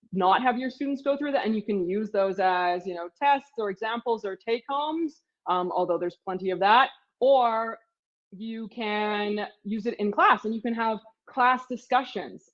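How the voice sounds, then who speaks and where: A middle-aged professor and author giving a casual slide presentation of her course materials, talking chattily with many fillers. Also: medium pitch. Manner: chatty, many fillers like "you know" and "sort of". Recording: slightly dull lo-fi audio.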